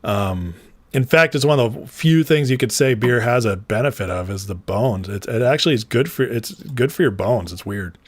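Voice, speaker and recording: A man's voice: medium pitch, expressive, moderate pace, breathy edge, no room sound. A man hosting a casual political commentary livestream, chatty and rambling, laughing often as he talks to his viewers.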